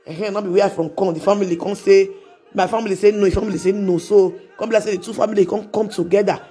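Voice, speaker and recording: A woman with a Nigerian accent talks to her viewers on a live stream, loose and chatty. She slides between Pidgin and plain English and laughs as she goes. Soft music plays faintly behind her. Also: mid-range voice, fairly even intonation, rapid-fire. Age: adult with children. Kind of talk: casual live-stream chat.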